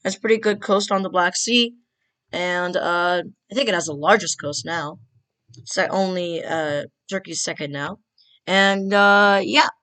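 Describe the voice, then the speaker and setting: Woman, lowish voice, casual map-scenario narrator, chatty, joking, filler-heavy. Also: a little slow, fairly bright tone. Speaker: video creator.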